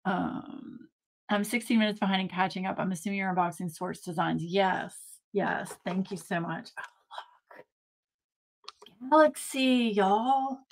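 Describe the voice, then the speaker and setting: A woman gushes over a craft unboxing during a casual live stream at home. She talks at an unhurried, slow pace. She keeps calling out to her viewers as she goes. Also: medium pitch. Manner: gushing, excitable, talks to viewers as y'all. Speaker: craft channel host.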